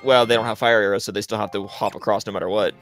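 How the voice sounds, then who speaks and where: A man's voice: on the low side, steady tone, racing, fairly bright tone, faint music behind. A man commentating a live speedrun race, explaining strategy at length and calling out misplays. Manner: explanatory, opinionated, frequent restarts.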